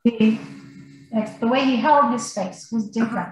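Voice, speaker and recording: Podcast guest, woman, chatty storyteller, higher voice, heavy room echo. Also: moderate pace, faint music behind. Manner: animated, rambling, laughs between lines. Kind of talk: casual storytelling. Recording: very echoey room, faint noise.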